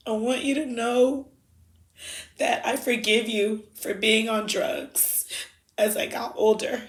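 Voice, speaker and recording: A woman speaking heartfelt farewell letters, halting and emotional, with soft pauses. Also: on the high side. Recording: roomy echo.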